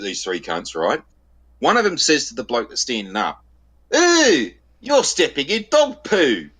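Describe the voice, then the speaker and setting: Cast: low-voiced Australian bloke, middle-aged podcast host, foul-mouthed yarn-spinner. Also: male voice, a bit bright, husky. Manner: swears constantly, laughs at own stories. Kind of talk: crude casual storytelling.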